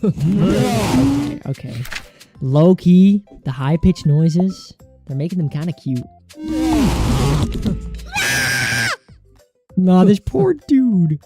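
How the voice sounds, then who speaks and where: A woman streamer chatting excitedly and giggling through casual gameplay commentary. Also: on the low side, takes it slowly, over music.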